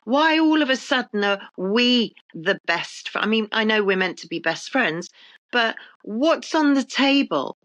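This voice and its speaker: A woman's voice: fairly high pitch, animated, measured pace, fairly bright tone, dry recording. A woman, a podcast guest speaking indignantly and firing off rhetorical questions. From United Kingdom. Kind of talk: casual discussion.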